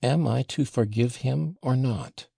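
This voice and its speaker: A man's voice: medium pitch, unhurried, vocal fry, mellow, breathy edge, no echo, clean studio sound, voice pushed up, heavily acted. A man reading an audiobook voices a passionate, wounded young woman, talking in a raised, emotional way that swings from tender to scornful. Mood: pleading. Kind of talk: audiobook character voicing.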